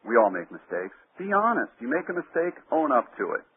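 A man's voice: mid-range voice, sing-song, a little fast, husky. A man who coaches radio talk hosts, giving punchy, emphatic advice in short lines during an interview. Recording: phone-line sound.

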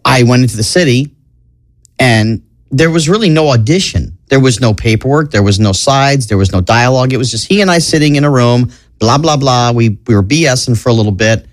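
A man from New York chats as a podcast guest and tells long stories. His voice sits at a middle pitch, recorded close and dry. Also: expressive, fairly quick, dry recording. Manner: chatty, tells long anecdotes. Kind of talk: casual interview storytelling.

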